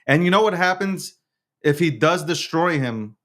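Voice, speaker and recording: A man's voice: a little high, lively intonation, moderate pace, a bit bright. A man hosting his own show, talking in a casual, slangy monologue with lots of stammered restarts. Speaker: show host.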